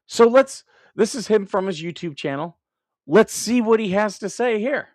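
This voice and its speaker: A man's voice: high-pitched, animated, normal speed, a little mellow, no echo, studio quality. Ranting male live-stream host. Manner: ranting, laughs often, rambling restarts. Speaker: livestream host. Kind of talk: casual live-stream commentary.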